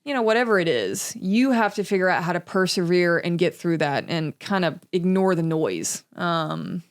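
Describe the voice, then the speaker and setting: A young woman from Alabama, a podcast guest talking in a reflective, unhurried way with lots of "you know"s. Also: lowish voice, expressive. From Alabama, US South. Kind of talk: casual conversational interview.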